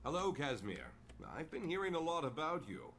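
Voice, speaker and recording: A man's voice: fairly high pitch, huge pitch swings, brisk, a bit bright, slight background noise, exaggerated voice. A man voicing a polite, formal plant-folk attendant in a video game. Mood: courteous. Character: courteous young male plant-folk attendant. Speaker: game character.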